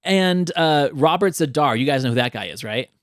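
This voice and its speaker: A man's voice: on the high side, lively intonation, normal speed. A man hosting a podcast, chatting casually about a film, laughing often and talking with lots of fillers. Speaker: podcast host.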